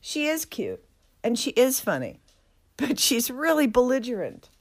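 A middle-aged woman telling a rambling personal story about dogs at home, animated, with squealing quoted excitement. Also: fairly high pitch, measured pace, dry recording, clean studio sound. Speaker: dog owner telling a story. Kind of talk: casual storytelling. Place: outdoors then indoors at home with dogs.

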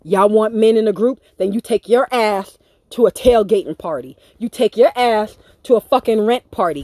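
Woman podcaster, blunt and salty, mid-pitched voice, dry close sound. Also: no room sound. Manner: blunt, profane, animated retelling with acted quotes. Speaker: podcast host. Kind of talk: casual storytelling monologue.

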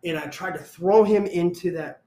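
Man, young adult, casual storytelling, profane, animated, slightly high voice, echoey room. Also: moderate pace. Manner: profane, animated, acts out quotes loudly. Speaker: storyteller guest.

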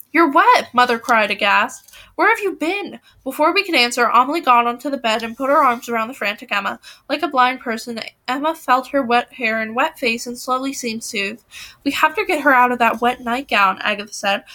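A young woman reading a novel aloud, lifting her voice for the characters' shouted lines. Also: a little high. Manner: reads with lively acted dialogue, voice rising for quoted shouts. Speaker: reader of a novel.

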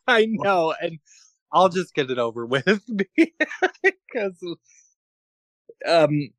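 Brief: male podcast host, relaxed, chatty, dry close sound. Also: high-pitched, extremely slow, long pauses, no room sound. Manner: relaxed, chatty, laughs often. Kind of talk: casual podcast chat.

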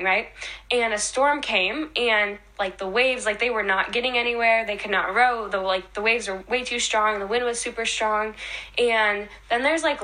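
A woman's voice: medium pitch, pushed and bright. A young woman co-hosting a casual faith podcast, eagerly retelling a show episode with lots of fillers. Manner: enthusiastic, retells scenes with many fillers. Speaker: podcast co-host.

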